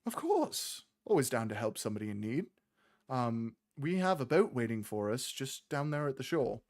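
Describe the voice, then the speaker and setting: A man voicing a friendly, chatty small gnome woman, a mother, in a bubbly falsetto. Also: very animated, moderate pace, a little mellow.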